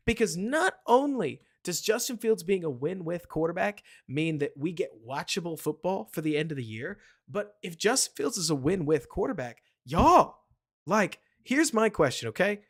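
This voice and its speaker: A man with a fairly high voice hosts a live football stream, rambling from one point to the next and answering viewers by name. He speaks at a normal speed, staying animated and casual.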